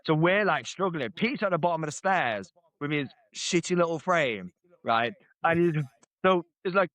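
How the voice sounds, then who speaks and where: A man tells a family story in a loose, rambling way, swearing and laughing as he goes. His voice sits a little high, and the recording is dry and close. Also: expressive, normal speed, a bit bright, dry recording. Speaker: podcast co-host. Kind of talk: casual storytelling.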